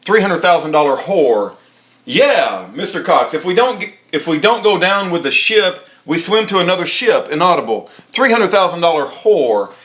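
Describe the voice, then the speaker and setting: A man reading a court transcript aloud and giving indignant, sarcastic commentary, dropping into a low mocking tone for the lines he reads and bursting into shouts. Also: big pitch swings, normal speed.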